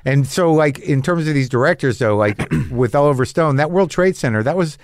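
A man's voice: fairly high pitch, expressive, fairly quick, no room sound, studio quality. A man hosting an interview podcast, chatting casually and agreeing often with short replies. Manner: agreeable, frequent short backchannels. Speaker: podcast host.

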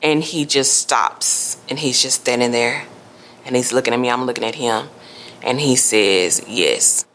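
A woman recounting a traumatic night in an interview, speaking softly and hesitantly with many quiet mm-hmms. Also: a bass voice, moderate pace, a little hiss or hum. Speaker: crime survivor interviewee. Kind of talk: emotional first-person recounting.

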